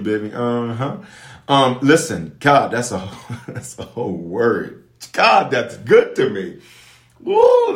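Emphatic preaching man, lively pitch. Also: reverberant. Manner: emphatic preaching, repeats phrases, casual slang. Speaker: bishop leading an online prayer. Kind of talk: live-streamed sermon and prayer.

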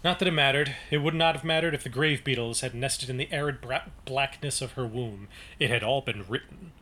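A man's voice: medium pitch, fairly quick, bright, forceful tone. A man co-hosting a casual book podcast, reading passages aloud and breaking off to comment. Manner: reads narration then breaks off to comment, with chatty restarts.

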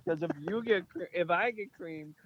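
A man's voice: high-pitched, normal speed, no room sound, highs cut off. A young man co-hosting a podcast in casual, teasing chat, often slipping into funny voices. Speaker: podcast co-host.

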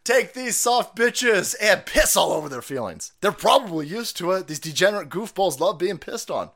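A man hosting a stream, ranting profanely with sudden shouts and mocking put-on voices. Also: high voice, lively intonation, normal speed, gravelly. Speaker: streamer host. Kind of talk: profane political rant commentary.

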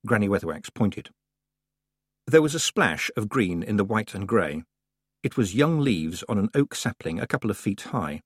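Lively husky male audiobook narrator. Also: fairly low pitch, moderate pace, dry recording, clean studio sound. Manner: expressive, playful storytelling.

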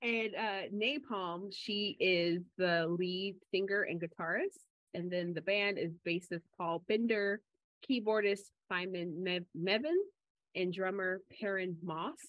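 A woman co-hosting a podcast in casual chat, telling stories in a chatty way and getting animated when she quotes people. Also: lowish voice, unhurried, no echo. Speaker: podcast co-host. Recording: slightly dull lo-fi audio.

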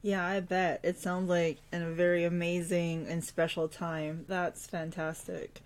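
Woman host, lowish voice, encouraging, asks guest to tell more. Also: flat delivery, a little slow. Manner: encouraging, attentive listener. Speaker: podcast host. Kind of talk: conversational interview.

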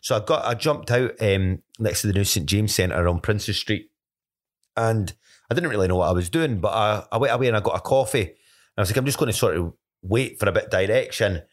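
A Scottish podcast co-host rambles through faith stories in a casual testimony chat, restarting and correcting himself often. His voice is fairly low with lively intonation and a slightly quick pace.

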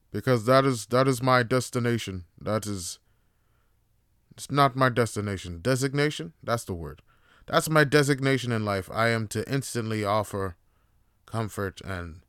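A man voicing an overjoyed, friendly dog that is eager to please and gushes with excitement. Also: mid-range voice, clean tone, dry recording, clean studio sound, close to an everyday voice. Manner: gushing, breathless excitement.

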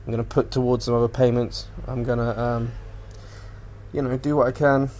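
A man's voice: mid-range voice, little pitch movement, normal speed, darkish tone, a little hiss or hum. A man hosting a casual solo podcast, rambling and swearing as he animatedly retells what he watched on TV. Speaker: podcast host.

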